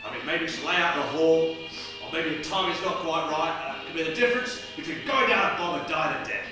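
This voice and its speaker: In a play on a small studio theatre stage, an actor takes on a famous male comedian, shooting off jokes with a chuckle. His pitch is fairly high and his delivery fast, close to an everyday voice; the distant recording carries roomy theatre sound and music.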